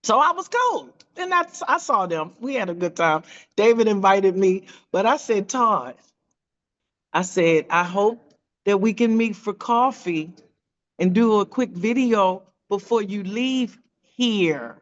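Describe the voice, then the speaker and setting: A woman telling an animated testimony on a video call, acting out quoted voices with big jumps in pitch. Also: unhurried, muffled recording. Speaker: team member sharing a testimony.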